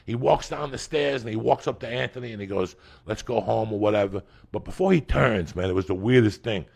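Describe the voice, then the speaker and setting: A man's voice: medium pitch, quick pace. A middle-aged man telling a childhood story, cursing freely and acting out each person's lines. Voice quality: gravelly, husky. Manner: profane, acts out quotes with shifting loud voices. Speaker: storytelling podcast guest. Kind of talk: animated comedic storytelling.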